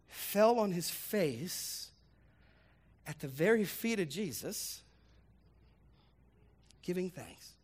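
A male pastor preaching a lively, humorous sermon, swinging between loud punchlines and hushed reflective lines. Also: high-pitched, slow, long pauses, breathy edge. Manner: animated, humorous, acts out voices.

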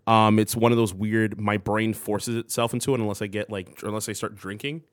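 A man co-hosting a casual chat, talking in a relaxed, conversational way. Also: fairly low pitch, fairly quick, no room sound, clean studio sound. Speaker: co-host.

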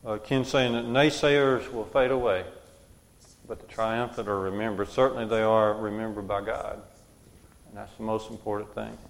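A man's voice: fairly low pitch, fairly even intonation, normal speed, vocal fry, slight background noise. A man leading a group Bible study, who asks questions and repeats the answers back to the room.

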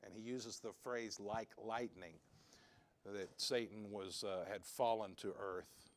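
Man, Bible class teacher, unhurried and chatty, explains with down-to-earth asides. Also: on the low side, fairly even intonation. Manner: conversational, with homely asides and jokes.

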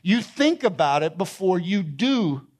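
A man's voice: high voice, very animated, measured pace. A middle-aged man preaching a sermon, emphatic and repeating key phrases. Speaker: pastor.

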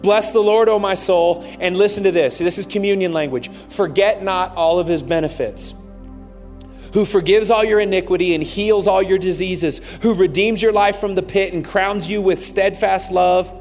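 A fervent male pastor reads scripture in a large church, his voice a touch high for a man and growing ever more impassioned. A long reverb trails each phrase through the auditorium. Soft music plays faintly underneath. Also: steady tone, normal speed. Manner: fervent, preacherly, reads aloud with rising intensity. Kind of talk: sermon reading scripture.

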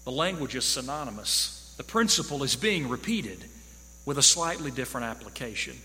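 A man's voice: medium pitch, sing-song, normal speed, sharp tone. A man preaching a sermon, emphatic and repeating key phrases for stress. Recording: long hall reverb.

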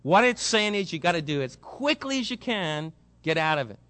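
A man's voice: on the high side, moderate pace, no room sound. A man preaching a sermon, explaining scripture and acting out the voices of people in his congregation. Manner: animated, acts out quoted voices, speeds up when excited. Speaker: pastor.

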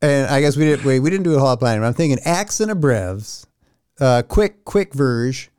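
A young man hosts a casual podcast, rambling along and swearing loosely as he laughs at himself. His voice is smooth and resonant. The sound is close and dry, with no room in it. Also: mid-range voice, expressive, brisk, darkish tone, no echo. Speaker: podcast host. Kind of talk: casual chat.

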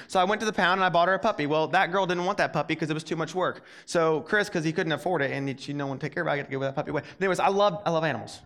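A young man preaching a casual, energetic youth sermon, often repeating words as he starts his sentences. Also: on the high side, very fast, few pauses. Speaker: youth pastor.

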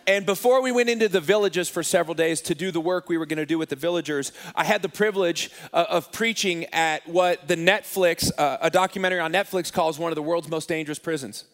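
A man's voice: fairly high pitch, fast, hardly any pauses, a bit bright, in a large hall. A man preaching a sermon as pastor, telling a story in a conversational, self-deprecating, humorous way.

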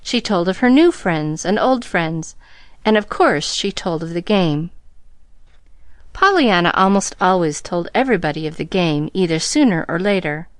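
A woman reading a classic novel aloud in a measured storytelling manner. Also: lowish voice, animated, no echo. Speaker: audiobook reader. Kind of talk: scripted narration.

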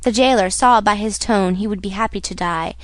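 A woman narrating a classic novel in a measured audiobook reading. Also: mid-range voice, no room sound. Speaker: audiobook reader. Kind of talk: scripted narration.

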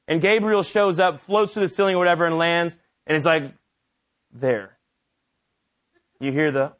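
A male preacher giving a sermon in a lively, conversational storytelling manner, acting out scenes as he goes. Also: sits high, normal speed, pauses often.

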